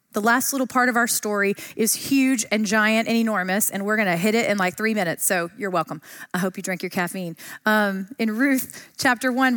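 Woman teaching bible study, chatty and excited, lots of ums and rights. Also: medium pitch. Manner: enthusiastic, chatty, uses fillers.

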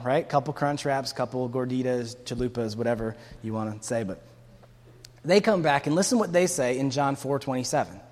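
A man preaching a sermon in a casual, conversational way, acting out the people in the story with bursts of energy. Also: medium pitch. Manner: conversational preaching, acts out quotes with rising energy. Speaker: pastor. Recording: long hall reverb.

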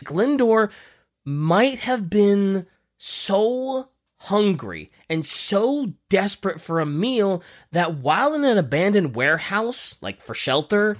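A man hosting a casual podcast, telling a history story with lively emphasis and frequent fillers. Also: high voice, slow pace. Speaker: podcast host.

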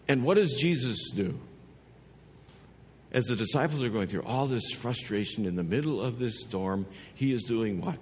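A man's voice: a little high, expressive, moderate pace, slightly rough. Man preaching in a reverberant sanctuary. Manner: dynamic preaching, swings from hushed to emphatic. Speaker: pastor. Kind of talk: sermon.

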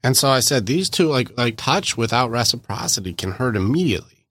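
A male podcast host chatting in a loose, animated way. He keeps acting out small everyday exchanges in playful voices. He sits close to the mic, so the sound is dry. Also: mid-range voice, fairly quick, slightly rough, no room sound. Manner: animated, acts out little quoted exchanges in lively voices. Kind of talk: casual conversational interview.

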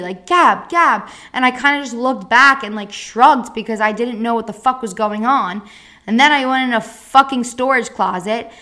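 Blunt young woman podcaster. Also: fairly high pitch. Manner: blunt, frequent swearing, animated retelling. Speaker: podcast host. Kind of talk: casual storytelling.

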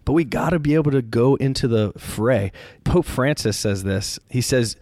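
A Catholic priest and podcaster from Louisiana chats in a casual interview at normal speed, telling stories animatedly and jumping his pitch up for quoted voices. The recording is dry and studio quality.

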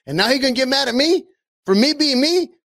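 A man's voice: extremely high pitch, animated, a little fast, a bit bright, pitched above the performer's own voice, full character voice. Smug shameless devil, raised voice, casual and mocking, as a man puts him on. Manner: casual, mocking, matter-of-fact.

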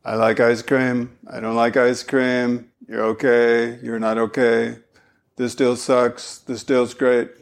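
Man doing a dull monotone speaker. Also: medium pitch, slow pace, vocal fry, voice pushed down. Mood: flat. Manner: flat, one-note delivery. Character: flat, emotionless monotone man.

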